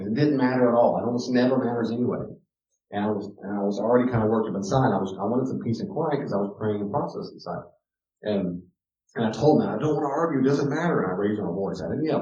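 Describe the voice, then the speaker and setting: Low-voiced man teaching in an echoey room. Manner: animated, restarts often, swings from low asides to loud emphasis. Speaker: counselor teaching a parenting class. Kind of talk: informal teaching talk with personal stories. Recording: echoey room, distant mic, dull sound.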